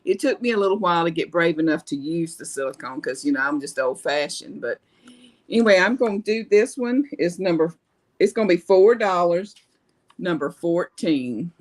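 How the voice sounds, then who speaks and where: Chatty, homey woman with a lowish voice. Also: lively intonation, normal speed, a little mellow. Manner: chatty and homey, trails off into asides. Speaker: co-seller on a live sale. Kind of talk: casual live-stream sales chat.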